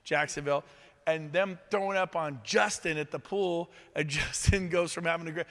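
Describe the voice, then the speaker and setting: A middle-aged man giving an energetic, upbeat motivational talk at an event and firing questions at the audience. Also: high voice, a little fast. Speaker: motivational speaker. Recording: reverberant hall.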